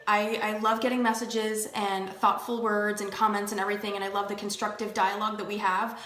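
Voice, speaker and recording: A woman's voice: medium pitch, fairly bright tone, roomy sound. A woman hosting a casual home talk on essential oils, chatty and reassuring, with lots of fillers. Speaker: host of an essential oil show. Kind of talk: casual live-stream talk.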